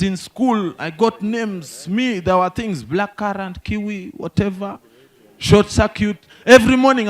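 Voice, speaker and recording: A young Ugandan man from the north doing stand-up, telling animated stories and talking to the crowd. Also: sits high. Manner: animated, quick storytelling with crowd asides. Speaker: stand-up comedian. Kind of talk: stand-up comedy storytelling.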